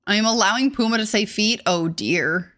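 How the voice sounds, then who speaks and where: A woman's voice: mid-range voice, normal speed, a bit bright. A young woman streaming, chatting casually and gushing as she greets viewers and reads chat aloud.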